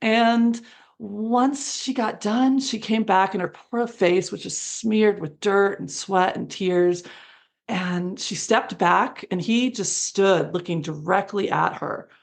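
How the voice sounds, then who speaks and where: A woman's voice: mid-range voice, slow, creaky. A woman guest in an interview, telling a story animatedly and acting out the dialogue. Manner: animated, acts out quoted dialogue with laughs.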